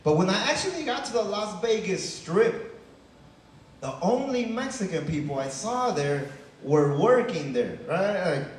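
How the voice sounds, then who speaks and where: A man's voice: high-pitched, sing-song, measured pace, a little hiss or hum. A young man from Chicago doing a casual stand-up set, tagging lines with "man" and "right?". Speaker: stand-up comedian. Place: comedy club stage. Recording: echoey club heard from a distance.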